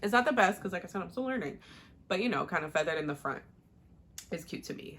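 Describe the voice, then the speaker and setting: A young woman giving a casual, rambling makeup tutorial at home, with lots of "like" and quick asides. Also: mid-range voice, bright, forceful tone. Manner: chatty, rambling, uses "like" a lot. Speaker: beauty vlogger.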